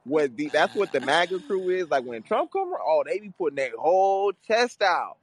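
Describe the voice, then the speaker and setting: A man's voice: sits high, very animated, moderate pace, husky. A man calling in to a podcast, joking and rambling in loose slang. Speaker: caller. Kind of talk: casual call-in chat.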